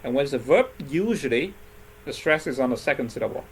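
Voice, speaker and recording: A man's voice: medium pitch, animated, quick pace, a little hiss or hum. A man teaching an English lesson on word stress, patiently checking in with his class after each point. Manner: patient, constantly checks in with "right?" and "okay?".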